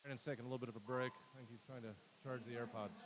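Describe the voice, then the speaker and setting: A man working as color commentator on a swim meet livestream, dropping chatty asides and quick race calls. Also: mid-range voice, steady tone, crowd noise.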